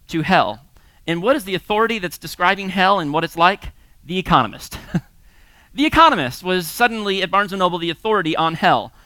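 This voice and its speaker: A bright, crisp male voice, fairly high for a man, captured in a dry, close setting with no room echo. He preaches in a lively storytelling way, chuckling and acting out the people in his anecdotes. He sounds like an American man in his thirties or forties. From United States. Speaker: pastor teaching a series. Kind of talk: sermon-style talk with personal stories.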